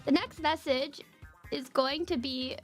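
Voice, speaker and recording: A woman's voice: sits high, unhurried. A woman streaming, chatting casually in a giggly, scattered way, with faint music behind. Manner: giggly, scattered, frequent laughs. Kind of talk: casual chat.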